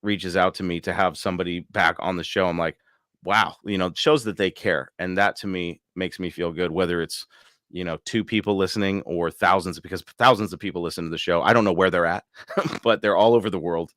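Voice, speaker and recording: A man's voice: low-pitched, steady tone, brisk, a bit bright, dry recording, studio quality. A man hosting a live podcast, chatting casually and laughing often as he reads out viewer comments. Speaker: podcast host. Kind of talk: casual live-stream chat.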